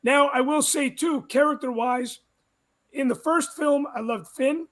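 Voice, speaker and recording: A man's voice: very high voice, a little slow, a bit bright. A man who is the guest host on a casual podcast chat, rambling and laughing as he gives his opinions. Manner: rambling, laughing, with frequent restarts.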